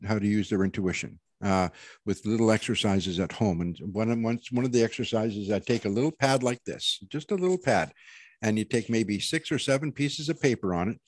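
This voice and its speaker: A man's voice: on the low side, normal speed, no room sound. A man talking casually as an intuitive reader, rambling earnestly with many restarts and self-corrections. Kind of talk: casual panel chat, giving a reading.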